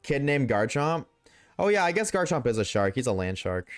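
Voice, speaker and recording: A man's voice: medium pitch, sing-song, moderate pace, dry recording, faint music behind. Profane joking young male streamer. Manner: profane, joking, talks back to chat. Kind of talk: casual gaming livestream chat.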